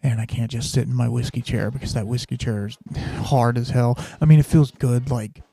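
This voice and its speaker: A man's voice: medium pitch, fairly even intonation, a little fast, creaky, dark tone, husky, dry recording. A man hosting a podcast, telling a personal story in a rambling, casual way, full of fillers and restarts. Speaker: podcast host.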